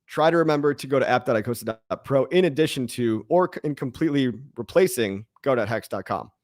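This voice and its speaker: A man's voice: medium pitch, animated, quick pace, no room sound, clean studio sound. A man hosting a casual crypto live stream, reading chat comments and rambling with jokes and the odd swear word.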